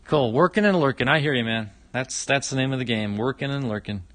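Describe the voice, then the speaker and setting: Man, middle-aged, casual livestream host, enthusiastic, chatty, dry close sound, mid-pitched voice. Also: brisk, fairly bright tone, no echo. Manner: enthusiastic, chatty, exclaims often. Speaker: YouTube host opening fan mail.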